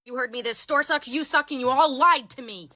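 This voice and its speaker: A woman voicing a rude, pushy female customer who is impatient and shouting, in a demanding, accusing manner. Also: mid-range voice, a little slow.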